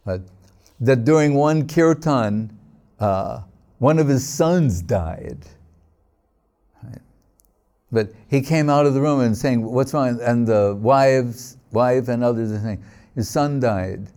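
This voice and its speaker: A man giving an unhurried devotional sermon, telling stories, quoting scripture and checking in with "right?". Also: mid-range voice, a little mellow. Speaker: speaker at a devotional gathering.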